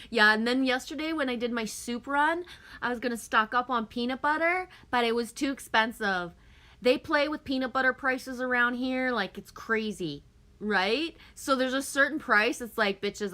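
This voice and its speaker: A woman's voice: on the high side, pushed and bright. A woman hosting a casual live stream, chatting with viewers, reading their comments aloud and laughing often.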